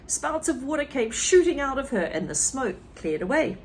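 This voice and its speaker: A woman teacher reading a children's story to a class, with expressive delivery and asides to the listeners. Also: high voice, moderate pace, few pauses, a little hiss or hum. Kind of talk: children's story read-aloud.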